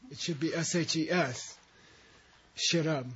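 A man's voice: a little high, steady tone, unhurried, fairly bright tone, breathy edge. Man teaching a class on lo-fi tape. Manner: patient, breaks words into syllables for students to repeat. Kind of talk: classroom lecture with call-and-repeat reading. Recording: dull lo-fi recording.

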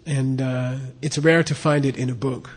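A man's voice: medium pitch, steady tone, moderate pace, husky, in a large hall. A man teaching a class in a casual, chatty way, often checking in with "okay?" and repeating himself. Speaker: teacher of Tibetan and Sanskrit texts.

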